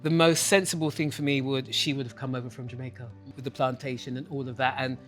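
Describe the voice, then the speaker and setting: A woman's voice: rumbling low, flat delivery, fast talker, faint music behind. A woman stage actor in a cast round-table chat, talking in an emphatic, expansive way.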